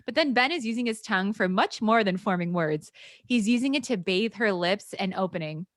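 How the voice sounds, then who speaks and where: A woman's voice: mid-range voice, animated, brisk, no echo, clean studio sound. Giggly woman podcast host reading aloud. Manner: giggly, breaks into laughter while reading. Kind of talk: reading fan fiction aloud with comedic asides.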